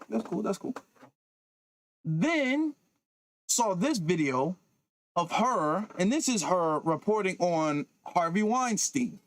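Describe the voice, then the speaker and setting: A man's voice: fairly high pitch, no echo. A man giving reaction-video commentary, talking emphatically and repeating himself, with many interjections of "okay". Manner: repetitive, emphatic, often says okay.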